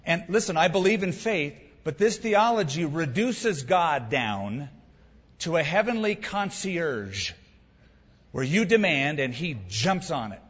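A man's voice: on the high side, big pitch swings, measured pace, fairly bright tone, slightly rough. A man preaching a sermon as a pastor, emphatic and conversational, with casual asides to the congregation. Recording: dull hall recording with long reverb.

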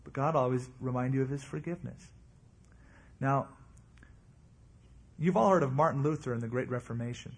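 A man's voice: medium pitch, moderate pace, pauses often. A man preaching a sermon as pastor, earnest and emphatic, his emphasis swinging up and down.

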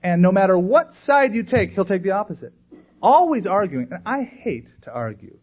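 A male pastor delivers a sermon with a lively, swinging delivery, slipping into little acted voices for the people he quotes. His voice sits a bit high for a man and has a husky edge. The recording sounds dull and lo-fi. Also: normal speed. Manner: animated, acts out voices in quotes.

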